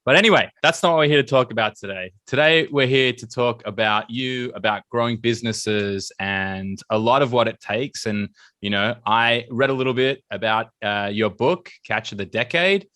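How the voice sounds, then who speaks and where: A man's voice: mid-range voice, normal speed, bright, forceful tone, no echo. Upbeat Australian podcast host, man. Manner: chatty and upbeat, says "mate". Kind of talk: podcast interview. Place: lives in Israel.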